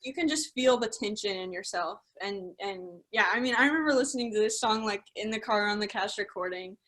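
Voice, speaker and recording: A woman's voice: mid-range voice, brisk. A young woman co-hosting a podcast, chatting with enthusiasm about a musical. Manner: enthusiastic, speeds up when excited. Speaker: podcast co-host. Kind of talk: casual chat.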